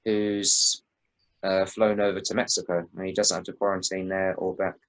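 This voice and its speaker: A man's voice: low voice, little pitch movement, moderate pace, a bit bright, poor audio. A young man co-hosting a podcast, telling laid-back stories in casual chat and swearing freely. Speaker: podcast co-host.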